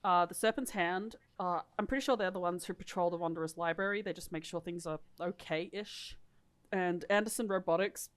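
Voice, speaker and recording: A woman's voice: lowish voice, normal speed. A woman co-hosting a podcast, reading lore aloud in a casual, irreverent way and swearing freely. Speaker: podcast co-host.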